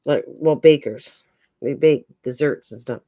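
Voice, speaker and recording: A woman's voice: a little slow, warm tone. A woman hosting a casual live-stream chat with viewers, chatty and rambling. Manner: chatty, rambling, talks to her cats in a higher coaxing voice. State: out of breath.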